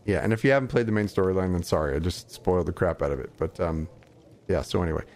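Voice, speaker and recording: A man co-hosting a podcast in casual chat, talking excitedly, with many fillers and quoted reactions. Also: low voice, fast. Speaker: podcast co-host.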